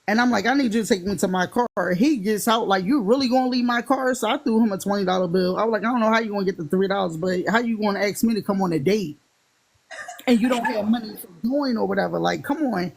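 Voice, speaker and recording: A woman's voice: fast talker, vocal fry. A woman with a Philadelphia accent, animatedly telling a funny dating story in casual chat and acting out the quotes. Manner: animated, acts out quotes in higher voices.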